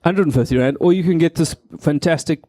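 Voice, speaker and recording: A man, a comedian telling animated stories and acting out voices on a radio show. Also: a little high, fast talker, no echo. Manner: animated, acts out voices and quotes. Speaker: guest comedian. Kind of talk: comedic storytelling on live radio.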